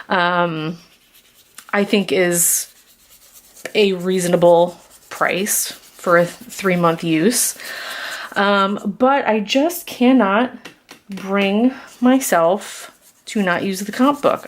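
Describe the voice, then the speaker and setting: A craft vlogger with a medium-pitched voice chats casually while working through a craft tutorial. She rambles and adds self-deprecating asides, recorded on her camera's built-in mic.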